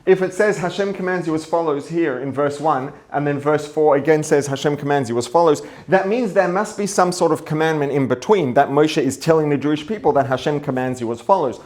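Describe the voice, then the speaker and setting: A man with a fairly high voice teaches a religious lesson as a rabbi. He works through the text aloud, circling back to rephrase his points. He keeps asking rhetorical questions. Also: brisk, hardly any pauses, a little mellow. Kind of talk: explaining a text to an audience.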